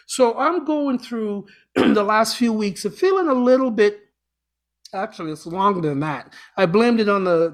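A talk show host, chatting casually about spirituality in a rambling, self-correcting way with corny jokes. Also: mid-range voice.

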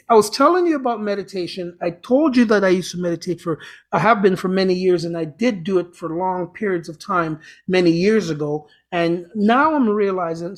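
Show host, chatty, meandering, self-correcting, dad-joke humor. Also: mid-range voice. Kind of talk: casual spiritual talk.

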